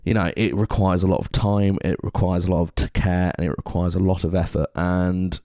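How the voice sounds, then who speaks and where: A man's voice: low voice, flat delivery, brisk, dark tone, no echo, clean studio sound. A man with an English accent co-hosting a podcast, talking earnestly in a rambling way with many restarts. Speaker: podcast co-host. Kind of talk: casual podcast chat.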